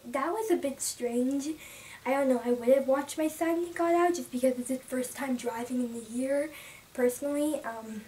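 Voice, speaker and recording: A young woman giving a casual, emotional book review, rambling with many restarts and sometimes dropping to a soft whisper. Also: sits high, normal speed. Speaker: book vlogger. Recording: distant from the mic, faint room noise.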